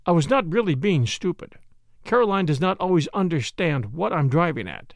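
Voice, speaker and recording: A man reads a mystery novel aloud with a measured, grave delivery. His fairly high voice moves with lively intonation and a gravelly texture, recorded close and dry. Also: dry recording. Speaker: narrator.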